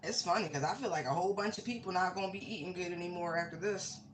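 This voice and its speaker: A woman's voice: lowish voice, fast, slight background noise. A woman giving a casual tarot reading, talking bluntly and swearing freely. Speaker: tarot reader. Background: music.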